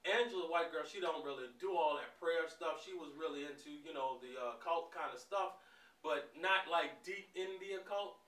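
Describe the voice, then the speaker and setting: A man with a higher, bright, forceful voice tells a story in a casual vlog, swearing freely and laughing along the way. He sits a little back from the mic, and the room gives his voice an echoey ring. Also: normal speed. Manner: animated, profane, laughing storyteller. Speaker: vlogger. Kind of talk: casual storytime while eating. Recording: roomy sound, mic at a distance.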